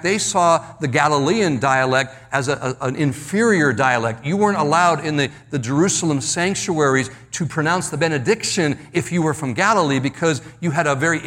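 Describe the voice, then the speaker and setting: A man preaching a verse-by-verse sermon, slowing down and dropping his voice low to stress key words, often repeating himself. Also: a bit bright. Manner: slows and drops low for emphasis, repeats words. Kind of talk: expository sermon.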